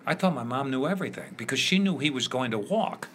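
An older man from Chicago, a guest in an interview, telling lively anecdotes with many fillers. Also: mid-range voice, fast talker, slight background noise. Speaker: interview guest, former ballplayer. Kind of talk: storytelling in a conversation.

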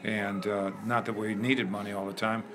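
An older man from Chicago, a guest in an interview, telling lively anecdotes with many fillers. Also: fairly low pitch, moderate pace, music in the background. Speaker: interview guest, former ballplayer. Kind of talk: storytelling in a conversation.

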